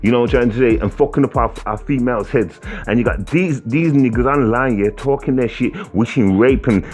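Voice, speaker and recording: A man's voice: mid-range voice, brisk, darkish tone, soft background music. A British man giving a profane, repetitive, confrontational rant for a video commentary. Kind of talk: ranting vlog commentary.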